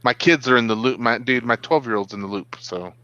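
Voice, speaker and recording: A man co-hosting a casual online talk show, telling stories in an animated way. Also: mid-range voice, fairly quick, clean tone, no room sound, muffled recording. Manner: animated storyteller. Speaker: co-host. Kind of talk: casual chat.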